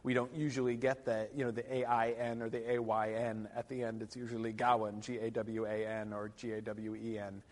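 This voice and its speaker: A man's voice: mid-range voice, completely flat delivery, fairly quick, few pauses, darkish tone. A man lecturing a class, rambling with many fillers and wry asides. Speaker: literature lecturer. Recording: long reverb of a lecture hall.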